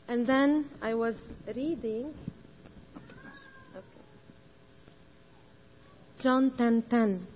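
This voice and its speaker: A Lebanese-accented woman, a church leader, gives her testimony in slow, deliberate English over a dull, lo-fi recording. Her voice sits fairly high and has a husky edge. She talks earnestly and repeats phrases, building them up to passionate emphasis. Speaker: church leader speaking to women. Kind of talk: personal testimony sermon.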